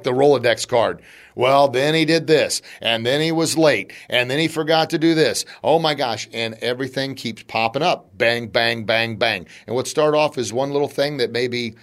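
A middle-aged man hosting a motivational podcast, talking in an animated, chatty way and laughing between points. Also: medium pitch. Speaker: podcast host.

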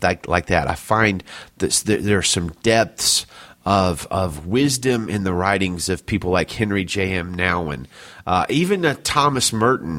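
A man co-hosting a casual podcast, talking through ideas earnestly in a fairly low voice. He often stumbles and restarts mid-phrase as he thinks, and reads passages aloud at times. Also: fairly bright tone. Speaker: podcast co-host.

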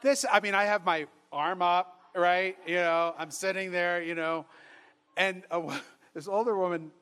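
A man's voice: high voice, steady tone, measured pace, fairly bright tone, clean tone. A man preaching as a priest, telling funny stories with exuberance and acting out the voices of the people in them. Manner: exuberant and humorous, laughing as he tells stories; acts out quoted voices. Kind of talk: storytelling sermon.

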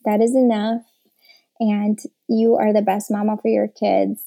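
A woman's voice: medium pitch, level tone, a little slow, vocal fry. A woman giving casual, encouraging parenting advice, full of fillers and little acted-out examples. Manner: warm encouraging, many fillers.

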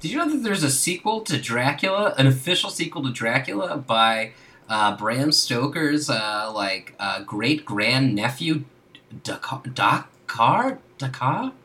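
A man co-hosting a podcast in casual chat, tossing in quick wry asides and laughing often. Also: mid-range voice, lively intonation, bright, forceful tone. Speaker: podcast co-host.

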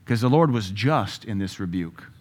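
A middle-aged man preaching a sermon, emphatic, with loud bursts when he quotes scripture. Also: fairly low pitch, expressive, normal speed.

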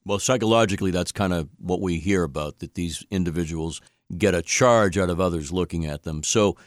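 A man hosts an interview, asking questions with dry, wry asides. His voice is very deep. The recording is dry and close. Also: brisk, no echo. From Boston. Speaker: interview host.

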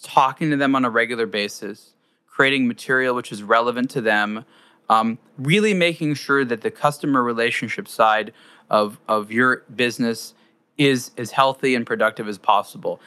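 A man hosting an interview, setting up his question in a measured, articulate way. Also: medium pitch, sharp tone, smooth, no room sound. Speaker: host, interviewer. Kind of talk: conversational interview.

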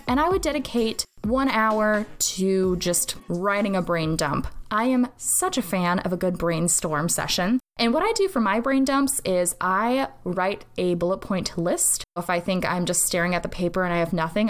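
A woman hosting a casual solo podcast, giving advice with sarcastic jokes, swearing and playful asides. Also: medium pitch. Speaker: podcast host.

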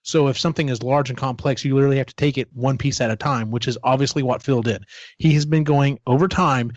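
A man's voice: medium pitch, fairly even intonation, fast, no room sound. Man casually retelling a story, lo-fi. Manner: rambling retelling, swears freely. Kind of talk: casual book discussion. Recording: dull, dry lo-fi sound.

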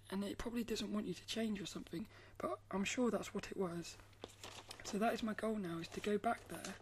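Talking to camera in a relaxed way, a female artist vlogger keeps her mid-range voice soft, often sinking into a breathy near-whisper. Her speech rambles and she begins phrases over again.

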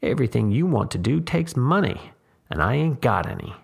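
A man's voice: medium pitch, big pitch swings, normal speed, creaky, breathy edge, pitched above the performer's own voice, heavily acted. A man reading a story, voicing a drifting country handyman, plain-spoken and firm. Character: drifting one-armed country handyman, guarded. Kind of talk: audiobook character voice.

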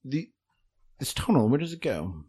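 A man's voice: mid-range voice, sing-song, moderate pace, warm tone, husky. A man playing a character in a tabletop game, asking questions in a dry manner. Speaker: player. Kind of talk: tabletop role-play.

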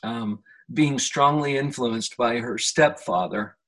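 A man hosting a podcast conversation, speaking in a slow, reflective coaching manner. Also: mid-range voice, a bit bright. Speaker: podcast host. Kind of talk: conversational interview.

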